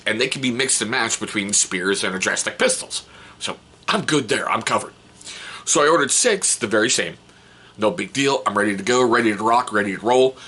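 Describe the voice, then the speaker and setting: A man hosting a casual hobby vlog, rambling and excitable, and swearing casually. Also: fairly low pitch. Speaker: hobby channel host.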